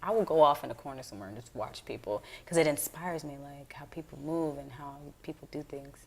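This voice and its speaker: A young woman comedian talking in a casual interview, with a voice that sits a little low for a woman. She tells frank, animated stories, swears freely and laughs easily, often slipping into quick impressions of the people she quotes.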